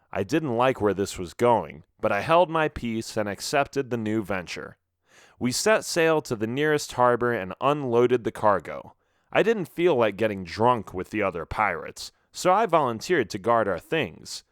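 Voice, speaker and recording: Man, children's audiobook narration, lively pitch, dry close sound. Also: unhurried, dry recording. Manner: expressive storytelling.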